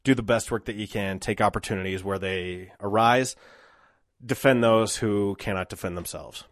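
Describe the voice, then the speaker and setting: Male podcast host, 30s, lowish dry close voice, reflective rambling solo monologue. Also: fairly even intonation, normal speed, no room sound. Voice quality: dry mouth.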